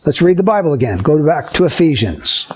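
Male Bible teacher, high voice, talks to kids and acts out little scenes as examples. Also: big pitch swings, brisk, background noise. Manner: asks the listeners questions and acts out short scenes. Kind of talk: Bible lesson for children.

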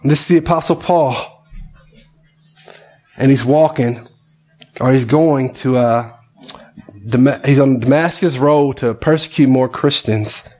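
A man's voice: medium pitch, slow, pauses often, a little mellow. A male pastor preaching a conversational sermon, often asking his listeners questions.

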